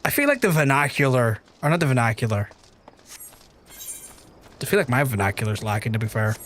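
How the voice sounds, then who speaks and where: A man streaming a game, chatting casually to viewers, swearing often and jumping high in pitch when amazed. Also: very animated, brisk, fairly bright tone, slight background noise. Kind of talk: casual gaming livestream chat. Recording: faint background music.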